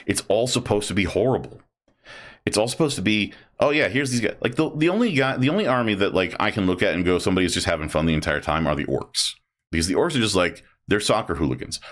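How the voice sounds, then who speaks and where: A young man talks casually on his livestream, rambling from one thought to the next. His voice sits fairly low but swings widely, and he jumps into high, silly voices for the jokes. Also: fairly bright tone. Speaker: streamer building model kits.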